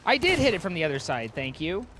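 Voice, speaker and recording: A man's voice: a little high, sing-song, fast, bright, forceful tone, a little hiss or hum. A man hosting a live gaming stream in casual chat, wry and teasing. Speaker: streamer host.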